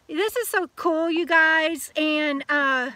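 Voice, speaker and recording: A woman's voice: high voice, slow pace, pushed and bright, no echo. A woman hosting a live chat outdoors at a campsite on a phone camera, chatty and laughing, often restarting her words. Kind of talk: casual live-stream chat.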